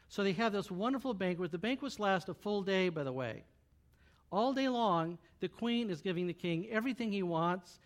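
Preacher guy, high voice, jokey casual bible storytelling. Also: moderate pace. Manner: casual, joking, animated retelling. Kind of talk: sermon storytelling.

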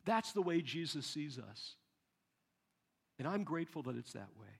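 Gravelly-voiced man preaching a sermon. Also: fairly high pitch, sing-song, moderate pace. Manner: conversational preaching with asides and emphatic repetition. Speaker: pastor.

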